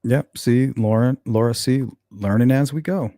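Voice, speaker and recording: A man hosts a casual true-crime livestream, reading viewer comments aloud and answering them bluntly and sarcastically. His mid-range voice is mellow at a normal speed, and the recording is dry with clean studio sound.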